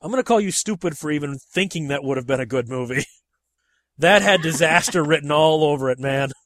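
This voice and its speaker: A man hosting a casual movie chat, talking in an animated, emphatic way. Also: brisk, no room sound. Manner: animated and emphatic, with sharp rises in pitch when making a point.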